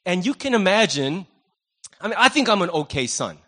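A man's voice: sits high, big pitch swings, moderate pace, sharp tone. A middle-aged man preaching a sermon as pastor, conversational and self-deprecating, with asides of humor.

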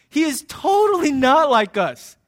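A man's voice: extremely high pitch, sing-song, slow. A man preaching a sermon in a conversational, joking way, acting out little scenes between points. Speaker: pastor.

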